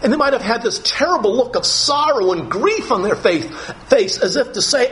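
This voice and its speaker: A man preaching a sermon, reading scripture aloud slowly and explaining it with emphasis. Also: lively intonation, fairly bright tone. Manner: slow, emphatic scripture reading, rising to higher pitch when dramatizing.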